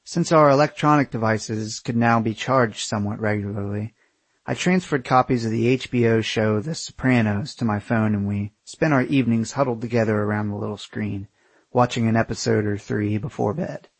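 A man narrating his own memoir in a wry, candid way, with casual swearing and a husky voice. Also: on the low side, normal speed, no echo. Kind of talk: first-person memoir narration.

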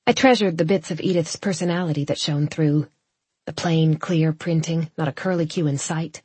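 A woman narrates a first-person audiobook in a measured, reflective way. Her voice sits low and carries a breathy, husky grain. The sound is close and dry, with no room in it. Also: fairly even intonation, darkish tone, no echo.

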